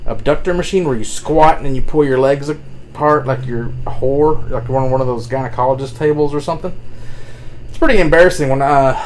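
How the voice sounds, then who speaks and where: A man talks loosely about his gym routine, wandering from point to point with lots of "like" and "uh" in between. His voice sits at an ordinary middle pitch. He often laughs at his own remarks, and a faint hum of background noise runs under him. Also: a little mellow, poor audio. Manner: meandering, filler-heavy, self-amused laughing. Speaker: vlogger. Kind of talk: casual rambling fitness update.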